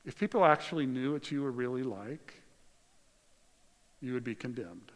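A man preaching a sermon as a pastor, conversational and storytelling, swinging from loud to very quiet. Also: medium pitch, lively intonation, normal speed, in a large hall.

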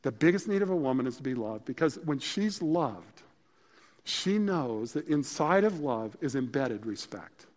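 A man's voice: medium pitch, sing-song, moderate pace. A male pastor preaching a sermon in a conversational, emphatic way that mixes scripture with stories. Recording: long hall reverb.

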